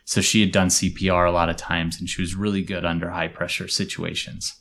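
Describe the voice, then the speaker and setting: Low-voiced man telling a story casually. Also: brisk, creaky. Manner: relaxed, explanatory, drops to quiet asides. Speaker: storyteller host.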